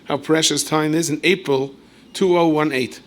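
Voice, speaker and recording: A rabbi gives a Torah lecture told as a story, speaking conversationally at a moderate pace with asides and corrections of himself. He's an animated storyteller whose voice leaps high and loud whenever he acts out quoted speech.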